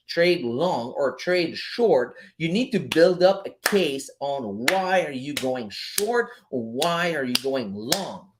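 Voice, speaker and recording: A man hosting a casual live stream on trading, laid-back and slangy, swearing often and filling pauses with "um". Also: a little high, a little hiss or hum. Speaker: forex trading streamer host.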